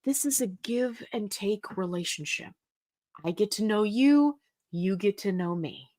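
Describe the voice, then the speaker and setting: A woman hosts a casual livestream and answers viewer questions one after another. She reads their comments aloud and chats back in a relaxed, goofy way, sometimes playing with voices. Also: medium pitch, measured pace. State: getting tired. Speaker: host answering live chat questions.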